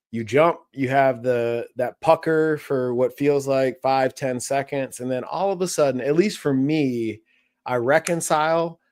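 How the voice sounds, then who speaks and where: A man's voice: medium pitch, dry recording, clean studio sound. A man hosting a podcast, chatting casually and reflectively with his guest. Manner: reflective, quick laughing reactions. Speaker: podcast host. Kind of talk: casual interview chat.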